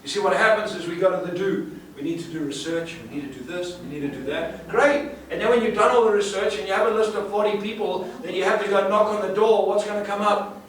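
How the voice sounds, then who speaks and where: A man's voice: high-pitched, fast talker, hardly any pauses, a bit bright. Emphatic man in an echoey hall. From South Africa. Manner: emphatic, asks the audience rhetorical questions, repeats words. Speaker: sales trainer. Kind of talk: live seminar talk. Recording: echoey room, far from the mic, faint hiss.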